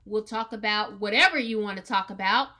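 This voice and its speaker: A woman's voice: mid-range voice, brisk, bright, forceful tone. A woman hosting a podcast, giving an earnest opinion monologue with emphatic, repeated words. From United States. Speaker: podcast host.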